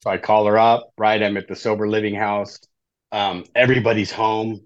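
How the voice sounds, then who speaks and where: Lower-pitched man telling his story. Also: flat delivery, normal speed, muffled recording. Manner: conversational, often tags sentences with "right?". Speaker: podcast guest, life coach in recovery. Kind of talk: casual storytelling in an interview.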